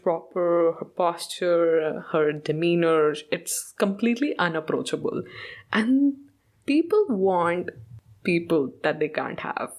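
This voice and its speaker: A woman hosting a podcast, chatting casually about a show, mixing in Hindi and laughing often. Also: sits low. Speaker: podcast host.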